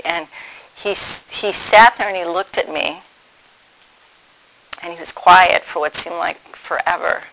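Man with a bright, gravelly voice. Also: sits high, steady tone, low-quality recording. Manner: reflective, halting with frequent ums and restarts. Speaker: speaker sharing his faith story. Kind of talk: personal testimony talk.

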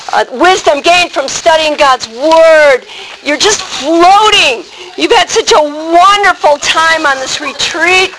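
A woman giving an informal retreat talk to a live group, chatty and conversational, acting out little scenes for her listeners. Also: fairly high pitch. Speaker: retreat speaker. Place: meeting room with a live group. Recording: noisy room recording.

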